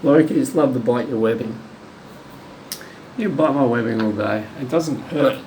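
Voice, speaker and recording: An Australian man in a casual pet training vlog, coaxing his bird in a high sing-song voice and repeating short phrases, recorded on a handheld phone. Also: measured pace, background noise. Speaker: bird owner and vlogger.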